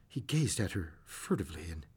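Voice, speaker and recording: A man narrating a classic short story aloud in an expressive way, with occasional stumbles and chuckles. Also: sits low, fairly quick, husky.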